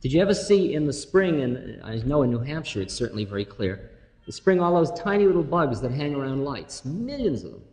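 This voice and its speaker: A man giving an informal spiritual talk to an audience, telling stories with humor and slow, drawn-out phrases. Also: mid-range voice, big pitch swings, a little mellow. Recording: reverberant hall, faint noise.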